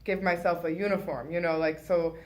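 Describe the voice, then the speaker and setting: A woman's voice: fairly low pitch, fairly even intonation, brisk. Enthusiastic woman, chatty guest. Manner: warm, filler-heavy, enthusiastic. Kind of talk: casual chat.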